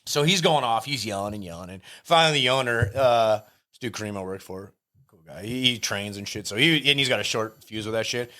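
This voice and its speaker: A man and tattoo artist telling an animated, profane story in a casual podcast chat, acting out the people in it. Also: fairly low pitch, a little fast. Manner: animated, profane, acts out the people in his stories.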